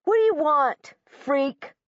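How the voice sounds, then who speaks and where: A woman voicing an angry, defensive schoolboy bully who yells his lines. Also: sits high, lively intonation, slow, no room sound, muffled recording, voice pushed up. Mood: hostile. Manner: shouting, defensive.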